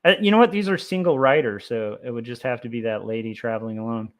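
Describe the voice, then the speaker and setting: With a quick pace and a mid-pitched voice, a young comic artist streams his drawing and talks loosely to his audience. Filler words pile up as his thoughts drift, and he sounds thrilled by the history he's exploring.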